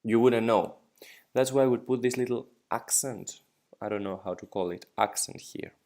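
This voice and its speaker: A man's voice: medium pitch, moderate pace, darkish tone. A man whose first language is Greek, teaching biology step by step over slides, asking the listener questions and correcting his own slides as he goes. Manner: explains step by step, checks understanding with questions. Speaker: biology tutor.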